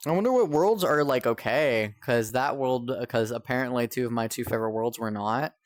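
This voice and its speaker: A man's voice: mid-range voice, moderate pace, a little hiss or hum. A young man live-streaming, chatting to viewers in a rambling, exasperated way and swearing often as his game keeps failing. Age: young adult. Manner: exasperated, rambling, swears a lot, talks to chat. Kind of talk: live-stream chat while gaming.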